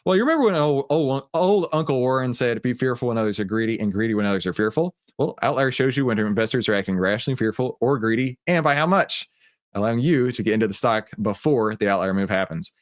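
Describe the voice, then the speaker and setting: A Texan man talks through a live stock-trading stream in a loose, conversational way. He greets viewers by name and drifts through plenty of fillers at an ordinary middle pitch. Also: animated, quick pace. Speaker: livestream host of a trading room. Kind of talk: casual live-stream talk.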